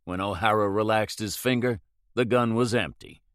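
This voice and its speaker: Male narrator, low and steady, dry close read. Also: normal speed, no room sound. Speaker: audiobook narrator. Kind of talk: scripted narration.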